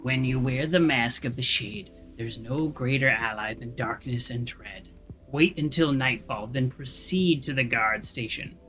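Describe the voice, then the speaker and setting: A man reading aloud the lines of a grave older male quest giver, slow and solemn. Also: mid-range voice, a bit bright, soft background music, lightly acted.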